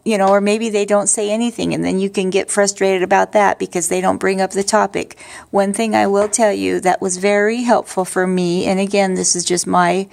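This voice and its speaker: Gravelly, tired-sounding woman rambling candidly. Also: mid-range voice, a little mellow. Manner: rambling, halting with many restarts and fillers; candid and upfront, with wry humor. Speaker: vlogger sharing her grief story. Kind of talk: casual personal monologue.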